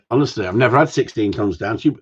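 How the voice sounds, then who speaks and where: A man's voice: lowish voice, animated, brisk, husky. A man hosting a live stream, chatting in a cheeky, sweary, rambling way that jumps between topics. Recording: dull lo-fi stream audio.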